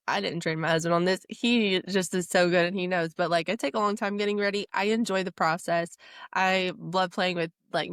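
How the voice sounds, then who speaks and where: A woman's voice: mid-range voice, a bit bright, smooth, no echo. Chatty woman podcast host, dry sound. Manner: chatty, lots of "like" fillers, enthusiastic. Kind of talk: casual chat.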